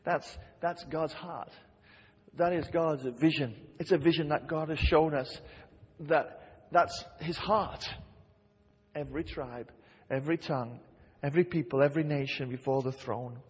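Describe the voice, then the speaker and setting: A man's voice: fairly high pitch, measured pace, breathy edge. A man preaching a sermon with fervor, repeating key phrases and quoting scripture aloud. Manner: impassioned, repeats phrases for emphasis. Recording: lo-fi hall reverb.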